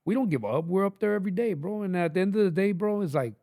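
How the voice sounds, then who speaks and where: Gravelly, emphatic man in casual talk. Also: high-pitched, animated, fast talker, dark tone. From Los Angeles. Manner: swearing, slangy, emphatic street talk. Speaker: guest, record label founder. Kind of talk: casual podcast chat.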